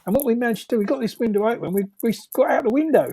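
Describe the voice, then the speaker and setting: A man's voice: very high-pitched, lively intonation, rapid-fire, mellow, breathy edge, no room sound. An older man, telling rambling stories as a guest and chuckling as he goes. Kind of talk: anecdotal storytelling.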